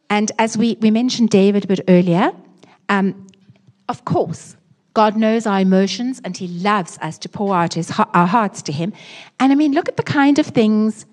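Woman pastor, husky tone, emphatic sermon delivery that sinks to hushed prayer. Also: mid-range voice. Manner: expressive, shifting from lively emphasis to soft hushed prayer. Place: church.

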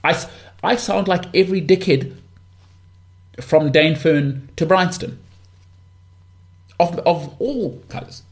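Here the Johannesburg northern suburbs host sounds on the high side, taking it slowly with long pauses. His podcast talk is a rambling, blunt, candid rant packed with restarts and asides.

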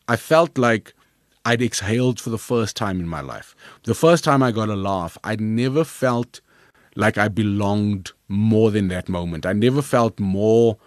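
A man with a South African accent, a comedian telling his story in an interview, lively and rambling, often repeating words as he restarts. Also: lowish voice, dry recording, clean studio sound. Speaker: comedian guest.

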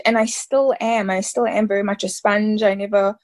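A woman's voice: medium pitch, fairly even intonation, a little fast, few pauses, a little mellow. A woman in her thirties from South Africa, an actress talking casually in an interview, rambling and full of fillers. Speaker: actress guest.

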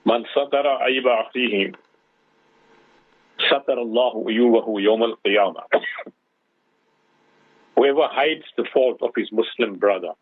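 A man's voice: medium pitch, unhurried, pauses often, breathy edge, no room sound. A male radio host giving religious advice to callers and listeners, preaching with rhetorical questions. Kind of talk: radio Islamic advice talk. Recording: tinny phone-line sound, dry.

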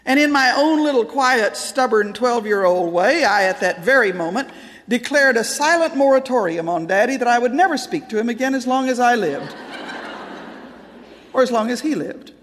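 A woman speaker telling a personal story in an animated way, with laughing asides, in a large hall. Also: on the high side, moderate pace. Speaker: Christian speaker and author. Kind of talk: storytelling talk.

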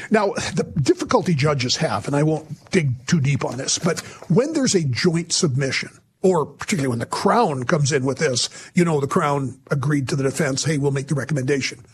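A man hosting a talk radio show, giving emphatic, sarcastic commentary with sudden jumps in pitch. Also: animated, moderate pace, a little hiss or hum.

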